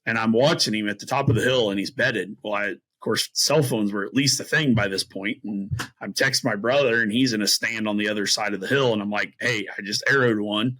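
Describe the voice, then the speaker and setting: A man's voice: lowish voice, fairly quick, few pauses, sharp tone, rough recording. A middle-aged man, a guest on a podcast, telling a story casually and animatedly, acting out his own reactions between many fillers. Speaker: podcast guest, bowhunter and string maker.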